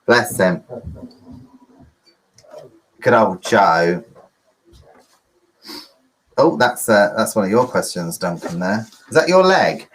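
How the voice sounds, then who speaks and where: A man's voice: fairly low pitch, very animated, moderate pace, hardly any pauses, a little hiss or hum, low-quality recording. Chatty man hosting a quiz. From United Kingdom. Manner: chatty, rambling and flustered, with frequent asides. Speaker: online quiz host. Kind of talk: live-streamed pub quiz hosting.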